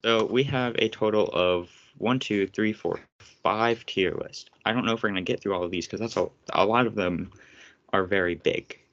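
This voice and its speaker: A man's voice: on the low side, moderate pace, fairly bright tone, muffled recording. A young man hosting a casual podcast, ranting sarcastically and swearing often. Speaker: podcast host.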